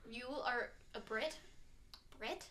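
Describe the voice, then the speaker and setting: A woman's voice: on the high side, pushed and bright, a little hiss or hum. A young adult woman co-hosting a podcast, chatting casually and teasing in a playful, joking way. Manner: playful, joking, quick to tease. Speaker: podcast co-host. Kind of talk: casual chat.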